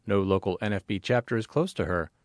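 A man reading a magazine article aloud in a measured, expressive way, as scripted narration. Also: lowish voice, no room sound, clean studio sound.

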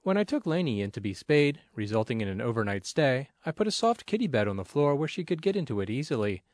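A man reading a personal essay aloud in a measured, earnest way with gentle humor. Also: medium pitch, big pitch swings, dry recording, studio quality. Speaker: reader.

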